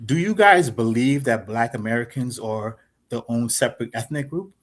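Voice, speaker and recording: A man from South Carolina with a Gullah Geechee accent, calling into a live-stream debate, halting at first and then defensive and loud. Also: medium pitch, expressive. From Charleston, South Carolina. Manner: hesitant, then raises his voice defensively. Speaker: caller.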